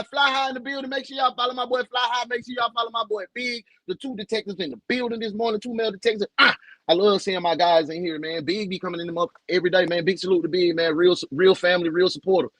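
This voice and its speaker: A man's voice: high voice, bright, forceful tone, no room sound, rough recording. A young man with a Southern US accent, hosting a casual livestream in a loose, joking, slangy way and greeting viewers by name. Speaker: livestream host.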